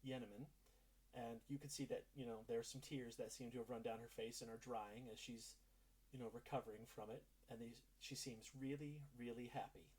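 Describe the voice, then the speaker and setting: A man runs a tabletop game as its game master, describing scenes in a loose, casual way. His voice is slightly husky and sits at an ordinary pitch. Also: fairly even intonation, a little fast, darkish tone, rough recording. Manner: casual, descriptive narration with fillers.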